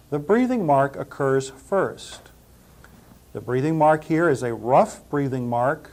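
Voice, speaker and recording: A man teaching pronunciation, saying each word deliberately and repeating it. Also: mid-range voice, darkish tone. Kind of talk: slow pronunciation drill.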